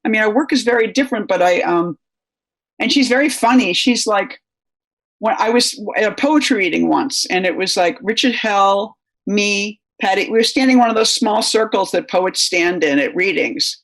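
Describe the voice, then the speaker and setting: Gravelly-voiced older woman telling stories. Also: medium pitch, normal speed, a bit bright. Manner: anecdotal, rambling, many fillers. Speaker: guest writer. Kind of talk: conversational interview answers.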